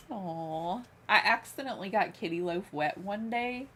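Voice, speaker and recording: Slow, giggly woman streaming. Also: medium pitch, slight background noise. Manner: soft-spoken, giggly, gushes over cute things. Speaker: live game streamer. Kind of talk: casual livestream chat while playing. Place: her own room, small fan running beside her.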